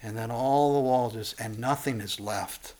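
A pastor delivering a sermon and reading scripture, impassioned, his voice climbing high and loud on warnings and then dropping low and soft. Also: measured pace.

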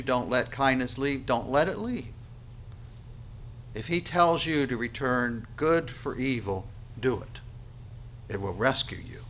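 A man preaching a sermon on scripture, earnest and emphatic, with dramatic pauses and little acted asides. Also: mid-range voice, a bit bright, a little hiss or hum. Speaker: pastor.

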